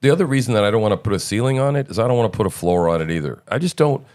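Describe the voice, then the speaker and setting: A middle-aged man with a very low, smooth and resonant voice, hosting a casual stream. He talks loosely and rambles, full of fillers and restarts. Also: expressive, very fast, a little mellow. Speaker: show host. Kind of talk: casual live-stream chat.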